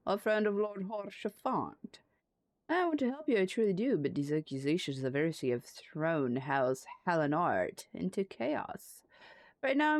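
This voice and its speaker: A woman's voice: fairly low pitch, no room sound. A woman voicing a worried young noble. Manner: earnest, apologetic. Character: worried male noble of a troubled house.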